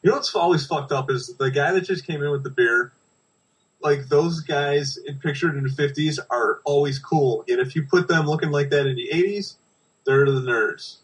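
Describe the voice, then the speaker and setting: A man's voice: fairly high pitch, moderate pace, recorded from a distance, low-quality recording. A man co-hosting a podcast, making crude, wry jokes while watching a movie. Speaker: podcast co-host. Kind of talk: casual movie commentary chat.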